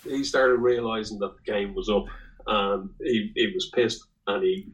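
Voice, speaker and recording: A man's voice: lowish voice, measured pace, rough recording. An Irish man, a guest on a podcast, telling a rambling, salty anecdote in casual chat. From Ireland. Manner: rambling, salty storyteller who swears.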